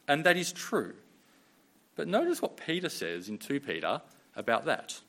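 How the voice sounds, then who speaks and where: A man's voice: medium pitch, huge pitch swings, normal speed, a bit bright. A man in his thirties from Australia, preaching a sermon in a conversational storytelling way. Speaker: pastor.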